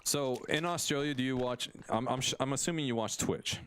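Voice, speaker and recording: A man's voice: mid-range voice, brisk, a bit bright, slight background noise. A young American man chatting casually on a live stream through a headset. He rambles, restarts his sentences and laughs often. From United States.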